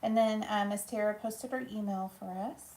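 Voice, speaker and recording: A woman co-hosting a live stream, reading viewer comments aloud in a soft-spoken, casual way. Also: medium pitch, fairly even intonation, normal speed. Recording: echoey room.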